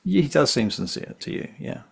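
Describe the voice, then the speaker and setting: A man's voice: a little high, very animated, a little fast, gravelly, slightly rough. A man running a tabletop game as game master, easygoing and thinking aloud as he tallies dice.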